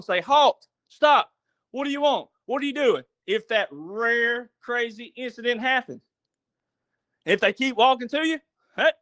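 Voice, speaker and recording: A man's voice: high voice, pushed and bright, no echo, studio quality. A man, a podcast guest telling a story and preaching in a folksy way, asking the listener questions. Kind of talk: casual storytelling monologue.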